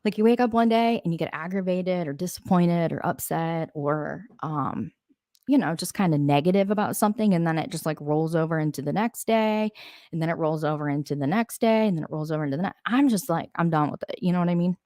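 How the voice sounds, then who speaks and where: A woman's voice: on the low side, fairly quick, mellow, no room sound, studio quality. A woman hosting a casual live stream, talking to viewers, answering their comments and laughing often. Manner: laughs often, rambling asides.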